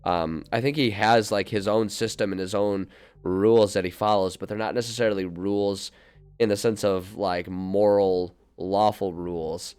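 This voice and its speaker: Give me a young guy streaming at his desk, chatty and scattered, with a low, clear voice. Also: moderate pace. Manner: animated and rambling, laughs often, many fillers. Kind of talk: casual live-stream chat, thinking aloud. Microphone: desk mic. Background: faint music.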